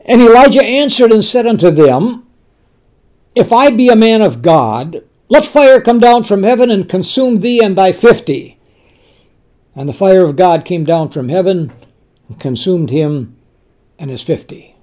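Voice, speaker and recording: A man preaching a sermon with a fairly high voice that swings widely in pitch. He speaks slowly, stumbles and restarts, and works himself up when he plays the angry king. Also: expressive, darkish tone. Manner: retells scripture, voicing the king with rising anger; stumbling restarts, repeats words.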